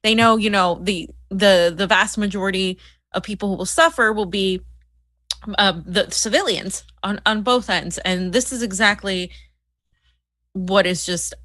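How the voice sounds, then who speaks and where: Woman ranting on a politics show, bright sharp voice, dry close sound, trips over her words. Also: mid-range voice, dry recording. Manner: rapid, heated, repeats words when worked up. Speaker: co-host. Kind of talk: political commentary chat.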